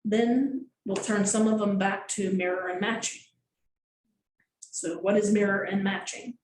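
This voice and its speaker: A woman leading a group coaching session, animated and acting out gestures and little voices as she explains. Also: mid-range voice, measured pace. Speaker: sales coach. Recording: echoey room, mic far off, faint noise.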